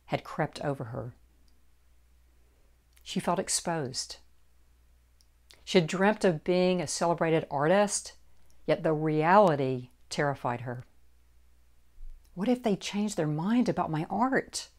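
Woman narrating her book, takes her time, lowish calm voice. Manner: measured, deliberate reading. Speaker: author reading her own book. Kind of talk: audiobook narration.

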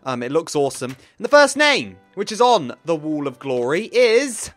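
A man's voice: on the high side, very animated, normal speed, dry recording, faint music behind. Playful sing-song young gaming man. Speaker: gaming YouTuber. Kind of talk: Minecraft let's play commentary.

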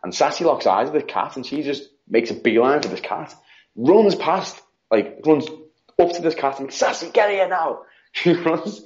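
A man with a British accent, a podcast guest telling stories in a casual, animated way, acting out quotes and saying "like" a lot. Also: fairly high pitch. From United Kingdom. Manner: animated, acts out quotes, frequent "like". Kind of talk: casual storytelling. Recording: dull lo-fi sound.

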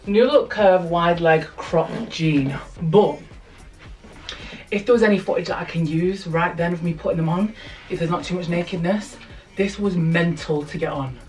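Young British woman, casual try-on chat, candid and exclamatory, lowish voice, sounds a little far from the mic, faint music behind. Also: normal speed, darkish tone. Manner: chatty, candid and exclamatory, talks straight to viewers with "hun" and "honey". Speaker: vlogger. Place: indoor room with a mirror and a stool.

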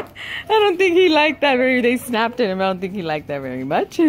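High-voiced woman filming outdoors on her phone. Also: very animated, slow, pauses often. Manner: coos to puppies in high baby talk, laughs often. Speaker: dog owner vlogger. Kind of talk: casual chat. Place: outdoors in a yard. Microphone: handheld phone. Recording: noisy outdoor phone recording.

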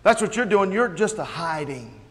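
High-voiced preacher in a ringing hall. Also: male voice, sing-song, moderate pace. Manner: storytelling preacher who shouts out quoted voices. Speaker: pastor. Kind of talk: sermon. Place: church sanctuary. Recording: long reverb of a large hall.

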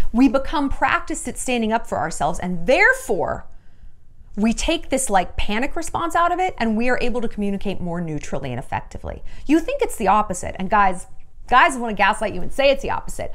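A woman in her thirties giving relationship advice in a candid talking-head vlog, telling stories with lively acted-out quotes and frank swearing. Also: on the high side. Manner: animated storytelling, acts out her own quoted lines.

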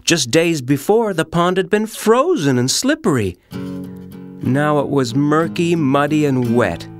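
A man reading a children's storybook aloud in an expressive, gently animated way. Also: fairly high pitch, a little slow, soft background music. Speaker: audiobook narrator.

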